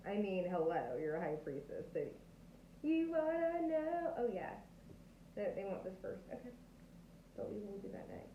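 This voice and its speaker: A woman's voice: medium pitch, lively intonation, moderate pace. A woman giving a casual tarot reading, bubbly, laughing often and acting out quoted reactions. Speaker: tarot reader. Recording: echoey, tinny phone-like sound with faint noise.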